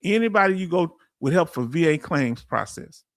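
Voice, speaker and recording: A middle-aged man from Texas with a Southern accent, hosting a casual veterans' livestream and answering his chat in a folksy, animated way. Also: on the high side, moderate pace, no echo, clean studio sound.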